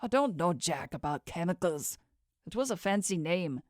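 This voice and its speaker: A woman's voice: lowish voice, lively intonation, normal speed, a little mellow, no echo, studio quality, close to an everyday voice. A woman voicing an injured young man who talks groggily with slurred words, read in an audiobook. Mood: groggy.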